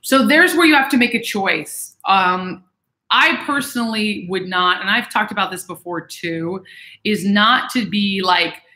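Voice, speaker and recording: A woman vlogger giving casual advice to viewers in a chatty, animated way, acting out what other people say. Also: mid-range voice, unhurried. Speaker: vlogger reading and answering viewer messages. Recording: echoey room.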